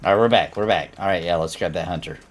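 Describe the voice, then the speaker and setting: A man's voice: deep voice, fast. A man streaming a game live, chatting to his viewers and laughing often as he plays. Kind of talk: live gameplay commentary.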